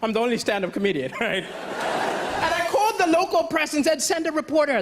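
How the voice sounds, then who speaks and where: A man from Malawi, performing a stand-up comedy routine with deadpan storytelling and sudden loud punchlines on a theatre stage. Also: extremely high pitch, brisk. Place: theatre stage before a live audience. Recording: live show with crowd laughter and noise.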